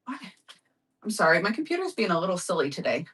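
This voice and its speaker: A woman's voice: mid-range voice, very animated, quick pace, distant mic. A woman hosting a live craft-supply sale, chatting casually and upbeat with viewers. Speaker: live shopping host. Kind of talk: casual live-stream sales chat.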